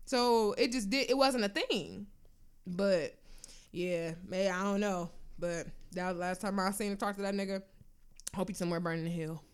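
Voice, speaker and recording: A young woman telling a personal story in casual chat, animated and freely swearing. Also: medium pitch, moderate pace, clear, resonant tone.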